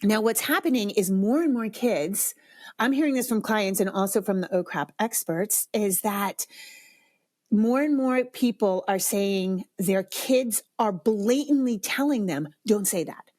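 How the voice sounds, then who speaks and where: A woman's voice: measured pace, a little mellow, dry recording, studio quality. A middle-aged woman hosting a solo parenting podcast, talking conversationally and emphatically. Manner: conversational, emphatic, acts out quoted parents in a high sing-song voice. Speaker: podcast host, potty training expert. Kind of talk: solo podcast advice talk.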